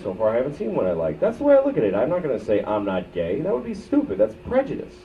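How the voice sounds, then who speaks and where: A man in his thirties doing live stand-up, profane and ranting, swinging from loud outbursts to low muttered asides. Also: wildly swooping pitch, racing, gravelly. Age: 30s. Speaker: stand-up comedian. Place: comedy club stage. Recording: muffled bootleg recording from a distance with loud crowd noise. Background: audience laughter.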